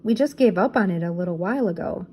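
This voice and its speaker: A woman's voice: medium pitch, expressive, fast talker, darkish tone, slight background noise, natural voice. Storybook uncle, middle-aged, good-natured, read by a woman.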